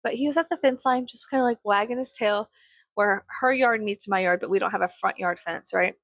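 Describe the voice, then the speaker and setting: Gravelly, sarcastic young woman ranting. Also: mid-range voice, brisk, a bit bright, dry recording. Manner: profane, sarcastic, exasperated. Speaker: vlogger. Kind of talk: ranting casual monologue.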